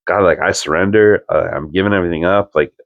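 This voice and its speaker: A young man with a very low voice talks casually as a podcast co-host. He tells his story earnestly, wandering through sentences packed with "like". The sound is dry and close, with no room around it. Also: quick pace, no echo, narrow, tinny audio. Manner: rambling, full of "like" fillers, earnest.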